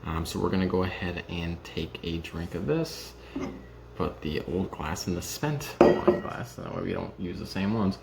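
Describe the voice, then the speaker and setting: A man's voice: deep voice, normal speed, vocal fry, heavy background noise. A young man in his early twenties chatting casually in a home vlog, hesitant and full of ums and restarts. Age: young adult. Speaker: vlogger reviewing whiskey.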